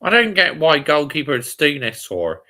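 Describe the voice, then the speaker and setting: A man's voice: fairly high pitch, sing-song, normal speed, sharp tone. A man chatting about a football match as a fan, grumbling at poor play.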